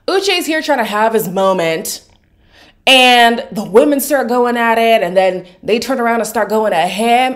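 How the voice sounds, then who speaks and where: A woman with a deep morning voice giving casual, opinionated commentary on a reality show to her channel's viewers. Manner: opinionated, sassy, emphatic. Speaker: recap vlogger.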